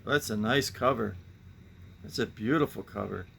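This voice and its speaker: A man's voice: fairly low pitch, moderate pace, gravelly, sharp tone, slight background noise. A man hosting a casual show-and-tell about his comic book collection, rambling and musing with sighing asides.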